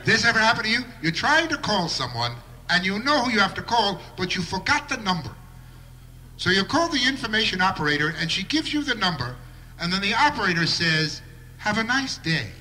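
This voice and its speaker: A man's voice: high voice, sing-song, a little fast, sharp tone. A man doing a live stand-up routine with a wry observational delivery and bursts of mock outrage. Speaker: stand-up comedian.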